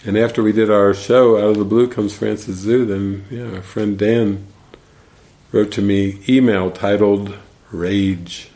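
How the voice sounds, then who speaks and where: A man giving casual spiritual commentary, telling stories in an animated way and laughing as he goes. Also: lowish voice, a little slow. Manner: animated storyteller, laughs while retelling. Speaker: spiritual teacher.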